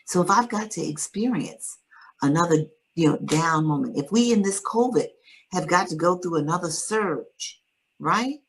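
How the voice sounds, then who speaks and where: Woman, deep voice, earnest, reflective, interview guest. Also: moderate pace, gravelly, poor audio. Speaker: guest author. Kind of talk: personal storytelling in an interview.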